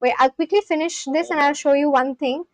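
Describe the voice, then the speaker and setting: High-voiced woman chatting on stream. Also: a little fast, no room sound. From India. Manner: thinks aloud, answers chat questions, repeats practice phrases with many restarts. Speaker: livestreamer learning a language. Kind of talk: casual live-stream chat.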